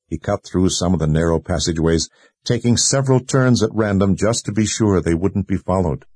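Low husky guy reading a fantasy audiobook, steady, dry close mic. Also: dry recording. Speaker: audiobook narrator. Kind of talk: scripted narration.

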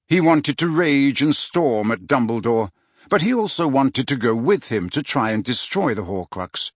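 A man narrating an audiobook in an expressive, dramatic reading style. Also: medium pitch, no echo, studio quality. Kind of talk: scripted storybook narration.

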